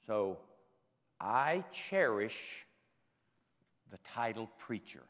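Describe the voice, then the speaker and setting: An older man preaching a sermon at a camp meeting, moving emotionally between quiet reflection and loud, fervent exhortation. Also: lowish voice, big pitch swings, very slow. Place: large hall at a church camp meeting. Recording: reverberant hall.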